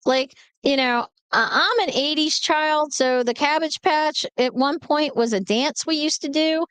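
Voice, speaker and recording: A woman in her forties telling a family story to a live chat, animated and blunt. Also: sits high, unhurried, no room sound. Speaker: livestream host.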